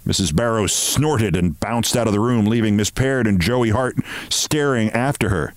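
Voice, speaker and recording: A man hosting a show, reading a short story aloud in an expressive, measured way. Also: lowish voice, no room sound.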